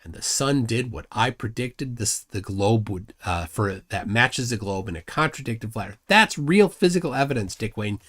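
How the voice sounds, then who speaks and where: A man's voice: on the low side, animated, normal speed, few pauses, fairly bright tone, slightly rough. A man hosting a live stream, arguing combatively and mocking his opponent while reading chat comments aloud. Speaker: livestream host.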